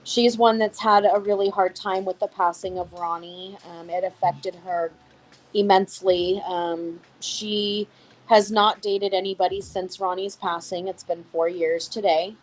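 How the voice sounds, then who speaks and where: Heartfelt woman, gently reminiscing. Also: medium pitch, fairly even intonation, unhurried, rough recording. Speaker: guest. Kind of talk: casual interview chat.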